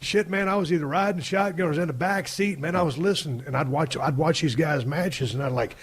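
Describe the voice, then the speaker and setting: A middle-aged man hosts a podcast, telling stories in a rambling, profane, animated way. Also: fairly high pitch, fairly quick, hardly any pauses, breathy edge. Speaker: podcast host. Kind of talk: casual conversational storytelling.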